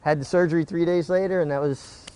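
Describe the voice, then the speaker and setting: A man's voice: on the high side, quick pace, smooth. A middle-aged man, a former jockey telling stories in a casual interview, with frequent restarts. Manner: animated storyteller with frequent restarts.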